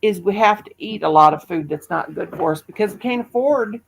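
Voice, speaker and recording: A woman's voice: medium pitch, animated, brisk, creaky, slight background noise, rough recording. A woman from Missouri, hosting a casual livestream chat in a homey, emotional way and calling her viewers honey and darling. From Missouri, USA. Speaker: livestream host.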